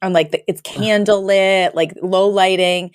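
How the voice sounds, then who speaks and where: A woman's voice: medium pitch, steady tone, measured pace, smooth, no room sound. Woman, podcast co-host, casual recap, chatty, dry close sound. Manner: chatty, many filler likes, acts out quotes.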